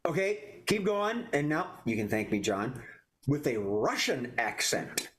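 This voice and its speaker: A man's voice: mid-range voice, very animated, a little slow, fairly bright tone. A man hosting an online improv comedy show, announcing games and scene prompts in a jokey way. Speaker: improv game host.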